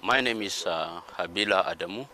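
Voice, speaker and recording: A man's voice: sits low, a little fast, sharp tone, slight background noise. A Nigerian man from the north of the country, giving an earnest personal testimony and retelling events step by step in plain words. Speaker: interviewee.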